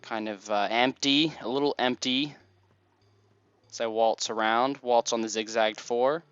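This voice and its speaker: A man's voice: medium pitch, fairly even intonation, measured pace, a bit bright, smooth, highs cut off. A man giving casual, rambling gameplay commentary, full of "like"s. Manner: chatty, rambling, many "like"s. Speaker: let's play gamer.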